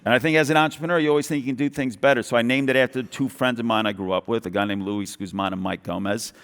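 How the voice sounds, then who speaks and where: A middle-aged man with a Brooklyn New York accent, telling his business story on a conference stage in an animated way, acting out other people's lines and restarting his sentences quickly. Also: mid-range voice. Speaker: guest entrepreneur. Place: large event hall stage. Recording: reverberant conference hall.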